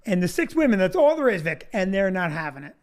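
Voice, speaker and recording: A middle-aged man hosting a podcast, chatting casually and telling stories in an animated way. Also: sits high, fast. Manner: animated storyteller. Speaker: podcast host, comedy club owner. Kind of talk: casual interview chat.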